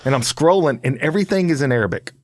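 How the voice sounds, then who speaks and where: Animated storytelling male podcast host. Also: a little high, quick pace, no room sound, studio quality. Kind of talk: casual chat, storytelling.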